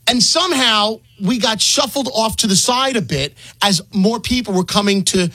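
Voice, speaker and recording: A man co-hosting a radio show, telling an animated story in casual chat. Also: high-pitched, moderate pace.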